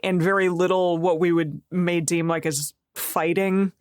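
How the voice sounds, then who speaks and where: A woman's voice: lowish voice, steady tone, unhurried, a little mellow, clear, resonant tone, no room sound, studio quality. A woman co-hosting a podcast in casual chat, making wry joking asides. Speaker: podcast co-host.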